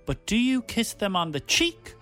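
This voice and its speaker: An Irish man co-hosts a radio show in the studio, his voice slightly high. He teases and banters in an animated way while music plays faintly behind. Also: normal speed. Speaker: radio co-host.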